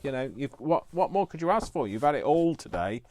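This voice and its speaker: A man's voice: medium pitch, very animated, fairly quick, hardly any pauses, darkish tone. A man signing off a casual crafting vlog from his kitchen, rambling and jokey with lots of fillers, affectionate toward his viewers. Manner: rambling and chatty with many fillers. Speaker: crafting vlogger. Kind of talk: casual live-stream sign-off chat. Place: home kitchen, indoors.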